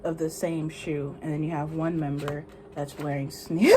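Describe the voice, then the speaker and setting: A woman's voice: low voice, steady tone, a little slow, a little hiss or hum. A young woman unboxing an album on camera, squealing, gasping and gushing with fangirl outbursts. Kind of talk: excited unboxing commentary.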